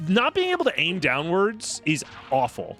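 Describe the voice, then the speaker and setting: Snarky young male streamer, bright voice. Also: sits high, wildly swooping pitch, moderate pace, faint music behind. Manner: snarky, sarcastic, swearing freely. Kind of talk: casual live-stream gaming chat.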